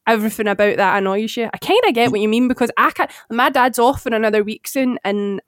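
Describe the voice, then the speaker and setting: A woman's voice: on the high side, fast talker, dry recording, studio quality. A woman co-hosting a podcast, chatty and teasing in casual conversation. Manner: chatty, teasing, laughs easily. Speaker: podcast co-host. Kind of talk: casual chat.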